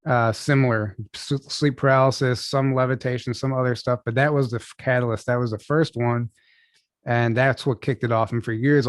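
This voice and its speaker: Over a video call, a young adult man recounts a personal story as an interview guest, speaking in a mid-range voice with no room sound. His delivery is relaxed but halting, packed with restarts and the word "like."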